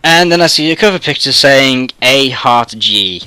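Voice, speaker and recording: A young man with an English accent rants into the camera for his gaming channel. His voice is bright and a little tense, and he swears a lot, drifts off on tangents and fills gaps with ums. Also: medium pitch, expressive, moderate pace, hardly any pauses, smooth, no room sound. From England. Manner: rambling and sweary, full of ums and trailing asides. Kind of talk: ranting monologue.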